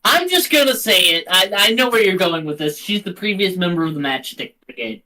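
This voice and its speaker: This game master talks with a swooping, lively pitch and a bright, forceful edge. The chat is loose and full of cursing, the casual banter of someone running a tabletop session. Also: brisk, rough recording. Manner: animated, swears freely.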